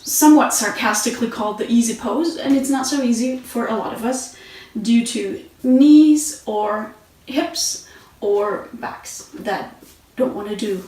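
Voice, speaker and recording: A woman teaching meditation and yoga sitting positions in a relaxed, conversational way, with fillers and restarts, recorded on a mat at home. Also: on the high side. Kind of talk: instructional talk. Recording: very echoey room, mic at a distance.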